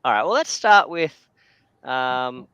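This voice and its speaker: A man's voice: medium pitch, animated, slow pace, fairly bright tone, clear, resonant tone, no room sound, highs cut off. An Australian man hosting a casual video call chat, rambling with lots of fillers and frequent laughter. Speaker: channel host.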